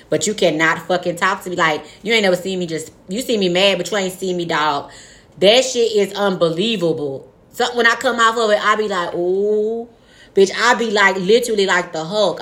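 A young woman talking frankly and profanely in a casual chat, acting out quoted lines with animated storytelling. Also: fairly low pitch.

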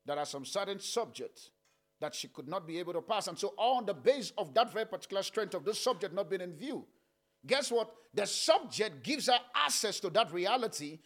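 A man preaching a sermon, swinging between loud calls and soft, low murmurs, with frequent "uh" fillers. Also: lively intonation, brisk. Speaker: pastor.

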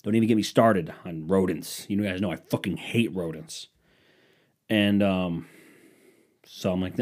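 A young man with a fairly low voice hosts a casual solo podcast. He rambles from one story to the next, swears freely and calls himself scatterbrained. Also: a little slow, long pauses, darkish tone. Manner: rambling, profane, scatterbrained, mocking voices for quotes. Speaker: podcast host.

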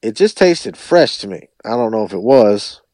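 Male musician guest, easygoing rambler, lower voice with lively inflection, dry sound. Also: moderate pace, no echo. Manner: relaxed, rambling, hedges a lot. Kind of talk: casual chat.

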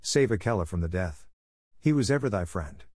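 A man voicing a wise, protective black panther in a storybook, gentle and counselling in manner. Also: low-pitched, lively intonation, normal speed, breathy edge, dry recording, studio quality. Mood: tender.

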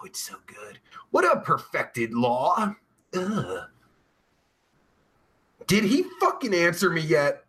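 Hosting a live stream and reading the chat, a man talks casually in a high, bouncy voice that swings widely, bright and sharp in tone. His talk rambles and is crude, packed with filler words and swearing, and he lets out drawn-out groaning sighs of pleasure.

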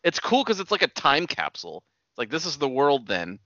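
A man's voice: medium pitch, huge pitch swings, fairly quick, bright, forceful tone, dry recording, lo-fi sound. A man co-hosting a podcast, bantering casually and swearing now and then in a laid-back way. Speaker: podcast co-host. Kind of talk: casual chat.

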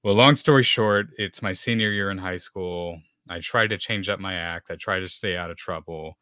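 A man from Texas tells his own story as a podcast guest, slipping in plenty of fillers as he goes. His voice sits low yet comes across bright and forceful. The sound is close and dry, with no room echo. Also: moderate pace. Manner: storytelling with many fillers, acts out dialogue. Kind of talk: personal testimony in conversation.

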